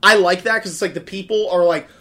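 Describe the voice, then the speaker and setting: A man co-hosting a podcast in casual chat from a hotel room, animated, laughing often and swearing freely. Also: high-pitched, quick pace. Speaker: podcast co-host.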